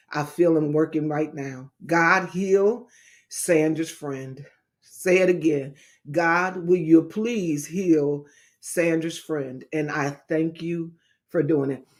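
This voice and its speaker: A middle-aged woman evangelist in a casual livestream talk, speaking in an emphatic, repetitive, preacher-like way. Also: low voice.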